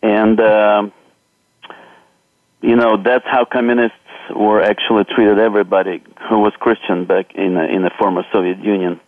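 Russian-accented male guest calling in, halting English, thin phone sound, dry. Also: lowish voice, level tone, dry recording. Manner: halting, hesitant with many uh fillers. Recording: tinny phone line.

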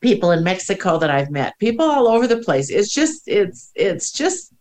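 Her medium-pitched voice swings widely in pitch and has a slightly mellow quality as she talks at a moderate pace. A middle-aged co-host of a spiritual podcast, she chats casually, turning emotional and teary, laughing frequently and restarting what she says.

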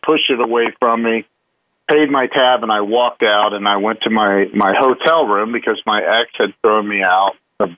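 A man telling a candid personal story as a guest, halting with many restarts and fillers. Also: medium pitch. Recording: tinny phone line.

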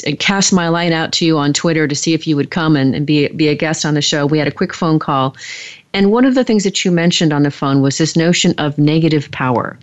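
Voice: mid-range voice, lo-fi sound. An enthusiastic podcast host who chats easily and keeps the conversation flowing. The speech is loose and full of fillers. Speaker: executive coach and teacher. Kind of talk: casual interview chat.

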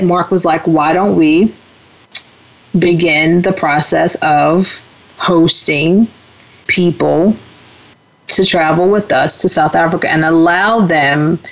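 A woman co-hosting a talk show from the United States, telling a travel story in a casual, animated way and acting out the voices of people she quotes. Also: fairly low pitch. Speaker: co-host. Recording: dull lo-fi radio-show audio.

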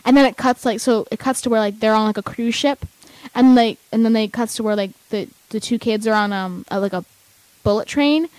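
A young woman chatting casually as a vlogger, excitable and rambling with lots of fillers. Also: fairly high pitch, a little fast, no room sound, rough recording. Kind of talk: casual chat.

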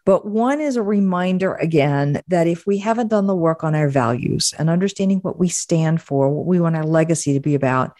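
A woman's voice: on the low side, lively intonation, brisk, hardly any pauses, dark tone, dry recording, clean studio sound. A woman hosting a podcast interview, affirming her guest and summarizing the takeaways. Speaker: podcast host. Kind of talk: interview and show wrap-up.

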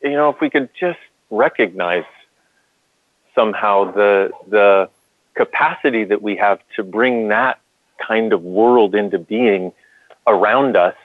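A man's voice: lowish voice, unhurried, no echo. A man co-hosting a call-in talk show who tells a story earnestly, with many restarts. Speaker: co-host. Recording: dry phone-line sound.

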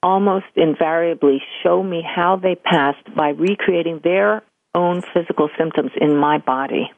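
A woman's voice: lowish voice, unhurried, gravelly, no room sound. An older woman, a spiritual medium, telling stories in an interview and acting out the voices she quotes. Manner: animated storyteller, acts out quoted voices. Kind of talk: conversational interview storytelling. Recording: tinny phone-line audio.

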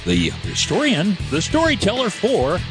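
A man's voice: sits high, huge pitch swings, music in the background. A man co-hosting a radio show, teasing his partner and introducing guests. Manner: quick, teasing, affirming. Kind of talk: casual radio banter.

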